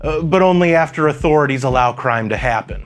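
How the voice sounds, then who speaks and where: A man's voice: a little high, brisk. A man from Chicago delivering scripted political commentary in a sarcastic, wry manner. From Chicago, USA.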